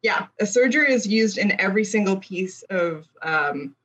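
Halting woman explaining costume tools. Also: medium pitch, animated, a bit bright. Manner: halting, explanatory, laughs easily. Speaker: costume professional. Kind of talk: casual explaining on a video call.

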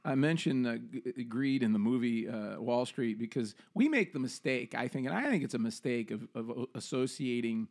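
A man, a senior pastor, hosting a casual podcast chat in a relaxed, hesitant way with many fillers. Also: mid-range voice, moderate pace, vocal fry, hardly any pauses.

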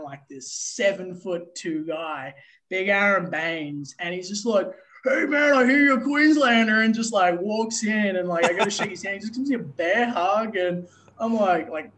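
A man with an Australian accent, a baseball umpire telling stories as a guest, animated and full of fillers. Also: sits high, a little slow, low-quality recording. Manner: animated, filler-heavy storytelling with swearing. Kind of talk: casual interview storytelling.

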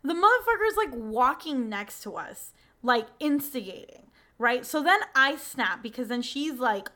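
A young woman hosting a casual podcast talks through a story with a lot of energy. Her voice is bright and sits slightly high. She leans on fillers and drops swear words freely. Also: lively intonation, unhurried. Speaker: podcast host.

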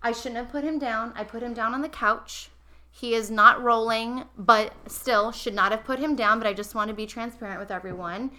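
A young woman hosting a podcast, telling a personal story in an animated, emotional way and speaking straight to her listeners. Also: on the high side, moderate pace. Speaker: podcast host. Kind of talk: casual confessional storytelling.

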